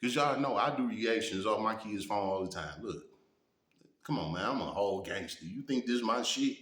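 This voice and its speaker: A man in his thirties talks straight to his viewers with a low, deep voice. He is blunt and swears often, and he keeps checking in with his listeners. The room gives his voice a strong echo. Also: animated, moderate pace, fairly bright tone. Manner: blunt and profane, often asks "you know what I'm saying". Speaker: vlogger reacting and telling stories. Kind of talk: casual storytelling monologue. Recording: echoey room.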